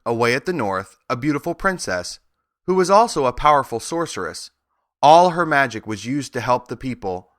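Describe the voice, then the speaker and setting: Man doing a measured winged monkey king. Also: medium pitch, fairly bright tone, no room sound, clean studio sound.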